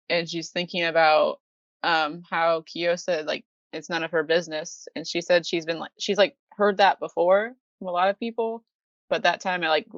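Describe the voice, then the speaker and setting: A woman's voice: on the low side, dry recording, muffled recording. A woman co-hosting a casual podcast, giggling as she retells scenes and acts out the characters' lines. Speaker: podcast co-host. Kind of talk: casual anime recap chat.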